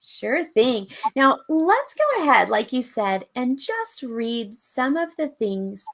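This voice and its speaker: A woman's voice: high-pitched, very animated, slow pace, fairly bright tone. Encouraging woman co-hosting a workshop. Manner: encouraging, asks follow-up questions. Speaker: workshop co-host. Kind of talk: casual teaching chat.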